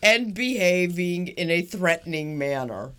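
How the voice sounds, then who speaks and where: A woman's voice: on the low side, animated, a little slow, a bit bright, smooth. A woman co-hosting a podcast in casual chat, teasing and often laughing as she tells a story. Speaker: podcast co-host.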